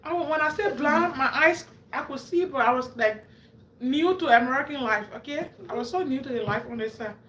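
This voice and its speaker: High-voiced woman telling stories live. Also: a little fast, fairly bright tone, echoey room. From Africa. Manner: laughs often, acts out quotes with a rising voice. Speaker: livestream host. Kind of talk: animated storytelling to a live audience.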